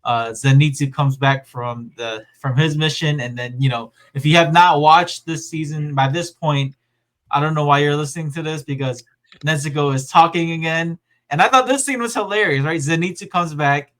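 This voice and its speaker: A man hosting a casual podcast, chatting and recapping scenes in an animated way, often laughing as he retells them. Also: on the high side. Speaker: podcast host.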